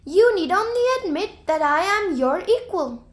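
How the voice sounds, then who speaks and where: A woman voicing a sly little male hare in a storybook tale, calling out in a soft, drawn-out, faraway voice. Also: very high voice, animated, voice pushed up. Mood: teasing.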